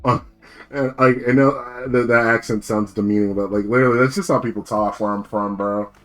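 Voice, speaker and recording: A man's voice: fairly low pitch, fairly even intonation, a little fast, a bit bright, soft background music. A young man from New Jersey chatting casually on a live stream, rambling, swearing and full of slang.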